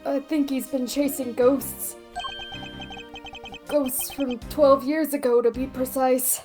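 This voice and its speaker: A woman voicing an earnest young male ex-agent with an attempted Cockney accent and a hesitant, halting manner. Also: sits high, little pitch movement, music in the background. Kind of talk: let's play voice acting.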